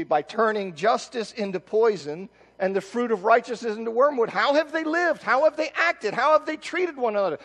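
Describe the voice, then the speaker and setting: Man preaching a sermon, high voice, emphatic, echoing sanctuary. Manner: expository preaching, rises to emphatic high bursts. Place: church sanctuary. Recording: long church reverb.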